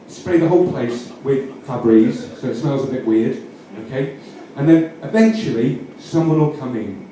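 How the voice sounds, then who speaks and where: This comedian is a man from Yorkshire whose mid-range, dark voice moves at normal speed as he offers mock-serious, meandering instructions for laughs, frequently fixing his wording partway through. It's recorded on a distant mic with a roomy echo and slight background noise.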